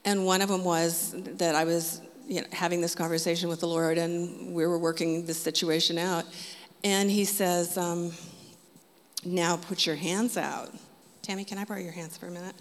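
Woman sharing her testimony, lively storytelling, laughs often, heard in a reverberant hall. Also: fairly low pitch, brisk. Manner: animated, laughs often, quotes Jesus and others in her telling. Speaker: testimony speaker. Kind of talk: personal testimony, casual storytelling.

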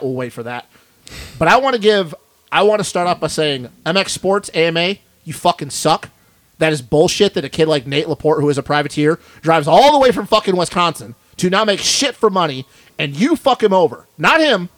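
A man's voice: on the high side, a bit bright, no room sound. Profane fired-up man ranting in studio. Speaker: podcast co-host. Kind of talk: casual chat.

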